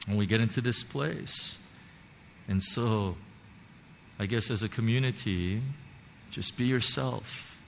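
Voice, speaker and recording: A man's voice: on the low side, slow pace, vocal fry, pauses often, a bit bright. Male pastor, earnest sermon delivery with frequent restarts; reverberant hall, faint hiss. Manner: earnest, repetitive with many fillers and restarts. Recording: long hall reverb, faint background noise.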